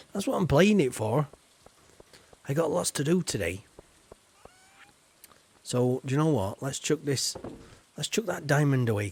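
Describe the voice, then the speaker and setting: A man's voice: medium pitch, a little mellow, no room sound. Rambling, chatty male game streamer. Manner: rambling, chatty, many fillers and restarts, teasing. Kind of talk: casual live-stream chat over gameplay.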